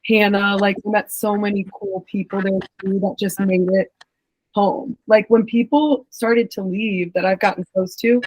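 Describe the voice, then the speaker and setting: A young woman chatting casually on a podcast, rambling and full of fillers. Her voice sits at an ordinary middle pitch. The sound is dry and close, with no room echo. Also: little pitch movement, moderate pace, darkish tone. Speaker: podcast co-host, former pro soccer player.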